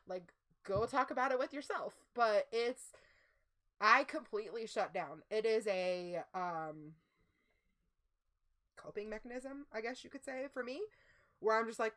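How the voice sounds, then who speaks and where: A woman's voice: a little high, lively intonation, measured pace, fairly bright tone. A woman co-hosting a livestream, talking in a casual, rambling way with many "like"s. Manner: rambling, heavy use of "like". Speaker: co-host.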